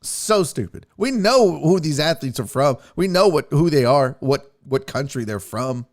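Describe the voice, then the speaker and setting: A man's voice: on the high side, lively intonation, unhurried. A man hosting a sports talk show, ranting in a casual, profane way.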